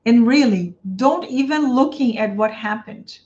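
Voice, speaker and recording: A woman's voice: fairly high pitch, a little slow, few pauses, darkish tone. Chatty Brazilian woman teacher live. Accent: Brazilian Portuguese. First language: Portuguese. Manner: chatty, repeats phrases, speaks straight to viewers. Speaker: English teacher coach. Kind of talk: live-stream talk answering comments. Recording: dull lo-fi stream audio.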